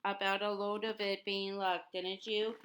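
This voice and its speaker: A woman voicing a reluctant, self-doubting teenage boy wizard in her own voice, with halting restarts. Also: mid-range voice, little pitch movement, fairly bright tone, slight background noise, lightly acted, low-quality recording. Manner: hesitant, halting.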